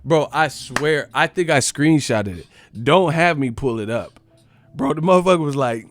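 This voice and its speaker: A man's voice: a little high, animated, normal speed. A man hosting a boxing channel, ranting casually on a live stream in a profane, mocking, rambling way.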